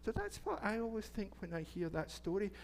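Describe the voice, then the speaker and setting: Scottish minister with a high voice. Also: male voice, very animated, brisk, creaky, slight background noise. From Scotland. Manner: chatty, playful, asks the children questions. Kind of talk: children's story time. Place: church sanctuary.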